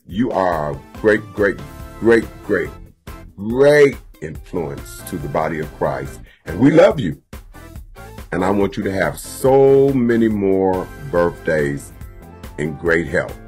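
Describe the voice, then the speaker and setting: A man with a somewhat low voice delivers a birthday blessing with preacherly emphasis, then teases in a mock-stern way. Faint music plays behind him. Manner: playful teasing, preacherly emphasis. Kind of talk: recorded birthday message.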